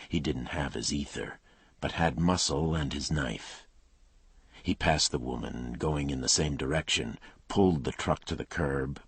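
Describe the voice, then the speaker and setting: Man, audiobook thriller narration, clipped and tense, extremely low voice, very husky, dry sound. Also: no echo.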